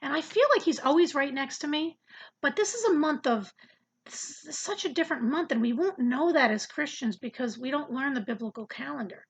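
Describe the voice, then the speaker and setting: This is casual Bible teaching to camera from a woman whose expressive voice sits high and moves a little fast. Her earnest, conversational lesson is captured in rough audio, with words often repeated as she gropes for the next idea.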